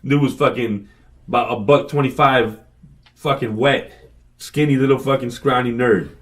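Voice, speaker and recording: A man co-hosting a podcast, telling a profane story with animated energy and a constant stream of swearing. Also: medium pitch, moderate pace. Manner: animated, swears constantly, acts out shouted quotes. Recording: somewhat distant from the mic.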